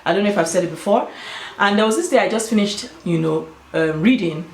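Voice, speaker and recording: This Nigerian mother, whose accent carries an Igbo flavor, addresses her YouTube viewers casually but with emphasis, explaining and telling stories. Her voice is mid-range and brisk, and the room around her echoes.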